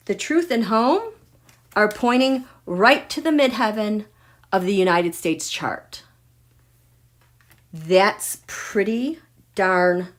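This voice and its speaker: A middle-aged woman hosting a live astrology reading, excitable and gushing, swinging from loud exclaiming to near whispers. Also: mid-range voice. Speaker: astrology and tarot livestream host.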